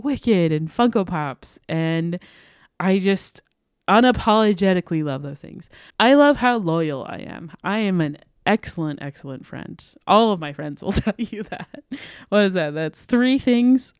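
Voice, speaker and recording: A young woman hosting a podcast, talking earnestly and warmly about self-worth, often breaking into light laughter. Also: fairly low pitch, clear, resonant tone, dry recording, clean studio sound. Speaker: podcast host. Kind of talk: encouraging self-worth talk.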